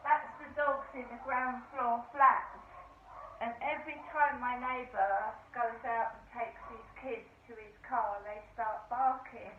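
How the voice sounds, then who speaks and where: A woman's voice: fairly high pitch, fairly even intonation, measured pace, a little hiss or hum. A middle-aged woman tells a rambling story with asides in a casual vlog at home. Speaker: vlogger. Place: home flat. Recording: echoey phone-like audio from far off.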